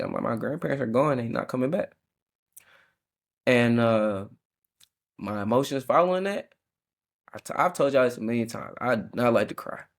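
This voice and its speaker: Young man, podcast host, relaxed slangy delivery, halting and self-correcting, average pitch. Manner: casual slangy talk with many restarts. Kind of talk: reflective faith podcast monologue.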